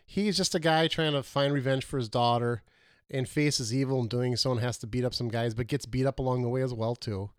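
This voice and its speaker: A man's voice: mid-range voice, steady tone, brisk, clear, resonant tone, dry recording, studio quality. A man co-hosting a casual movie review chat, rambling and losing his words mid-sentence.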